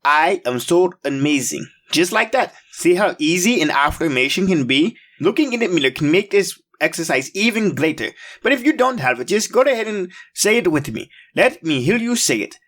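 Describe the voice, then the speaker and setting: Male kids' show host, high and animated, slow and emphatic, coaxing. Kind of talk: upbeat kids' show hosting.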